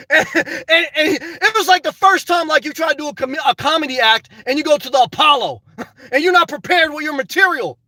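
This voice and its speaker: A man's voice: very high-pitched, sharp tone, dry recording. An older man hosting a casual live stream, reading viewer comments aloud and answering them by name in a blunt, unfiltered way, swearing freely.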